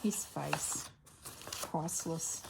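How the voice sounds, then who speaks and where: A woman's voice: low voice, extremely slow, vocal fry, background noise. A woman, chatting and telling stories while she works on a craft project at home. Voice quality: chatty storyteller. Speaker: craft vlogger. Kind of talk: casual chat while crafting.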